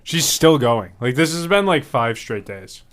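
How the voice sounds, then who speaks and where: A man's voice: mid-range voice, lively intonation, measured pace, fairly bright tone. A man co-hosting a podcast in casual chat, reading messages aloud from his phone and laughing between lines. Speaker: podcast co-host.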